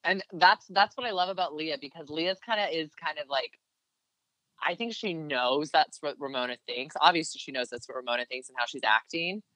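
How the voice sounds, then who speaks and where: Man, podcast co-host, bright tone, dry close sound, chatty and rambling. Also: fairly high pitch, fairly quick, no room sound, poor audio. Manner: chatty, rambling, laughs often, gushing. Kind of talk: casual chat.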